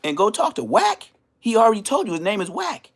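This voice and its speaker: A man tells a story in a loose, slang-filled rant. His voice sits a little high and swings widely in pitch. He bursts into loud exclamations as he talks. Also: very animated, brisk, gravelly. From Inglewood, Los Angeles.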